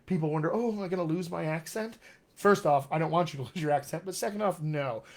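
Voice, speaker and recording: A man's voice: on the high side, a little mellow. A middle-aged man, a dialect coach, teaching in a live online question-and-answer session, upbeat and encouraging as he speaks straight to his viewers.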